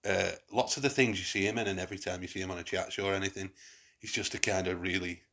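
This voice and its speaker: Deep husky man chatting on a podcast. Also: fairly even intonation, quick pace, pushed and bright. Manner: rambling, many restarts and fillers. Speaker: podcast host. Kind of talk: casual chat.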